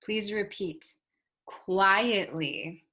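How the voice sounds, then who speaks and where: A woman's medium-pitched voice carries a sharp tone as she teaches learners English vocabulary. She is careful and unhurried, deliberately modeling every word and spelling it aloud.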